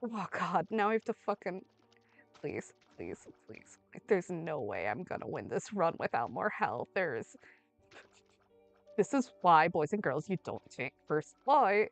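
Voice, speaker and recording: A young woman streaming a video game, talking to it as she plays, pleading, yelling and swearing freely. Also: fairly low pitch, no room sound. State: under the weather. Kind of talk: casual gameplay commentary. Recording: dry close mic with faint game music.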